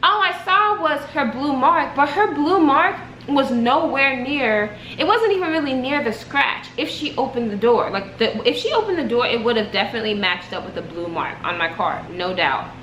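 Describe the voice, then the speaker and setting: A young woman vlogger telling a story casually, with animated, dramatic delivery. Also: sits high, moderate pace, roomy sound, slight background noise, poor audio.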